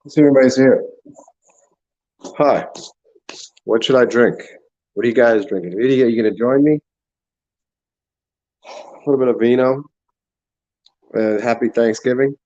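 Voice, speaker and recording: With a mellow, mid-range voice at a moderate pace, this livestream host pauses often as he rambles and laughs over food and drink, talking with his mouth full. The highs are cut off in the recording.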